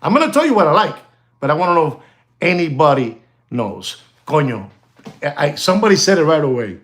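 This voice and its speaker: A middle-aged man hosting a live stream as a watch dealer. He talks straight to his viewers in an excitable, chatty way and drops in Spanish words. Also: on the high side, fairly quick. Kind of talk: casual livestream chat with viewers.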